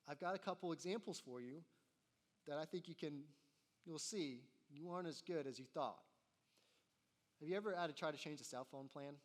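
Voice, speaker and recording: A young man preaching a sermon as a college pastor, animated and acting out exasperated voices that rise to near shouts. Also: a little high. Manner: animated, acts out voices and gets loud in exasperation.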